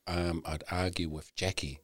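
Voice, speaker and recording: Sharing a candid personal story as a guest, a man with a very low voice speaks earnestly and roughly, at a moderate pace and in a level tone. He swears often, with frequent "you know"s and false starts, and the audio is dry and close with no room sound.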